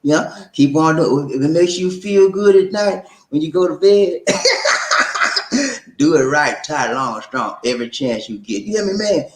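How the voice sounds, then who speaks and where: A man's voice: on the high side, normal speed, hardly any pauses, echoey room, low-quality recording. A man hosting a casual live show, playful, chanting call-and-response lines and slipping into rhymes. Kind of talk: casual live-stream chat.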